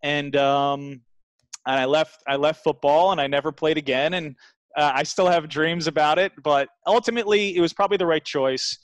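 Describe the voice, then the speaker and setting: A man's voice: fairly high pitch, fairly even intonation, moderate pace, no echo. A man in his thirties from New Jersey, a guest telling his story earnestly in a casual interview, with lots of fillers and restarts.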